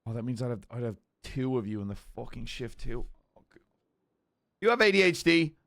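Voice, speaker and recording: A man playing a police lieutenant in a role-play game, blunt and quick to curse as he runs an interview. His mid-pitched voice sounds dry and close on a headset mic. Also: very animated, fairly bright tone, no echo. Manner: blunt, swears often. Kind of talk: casual gaming role-play chat.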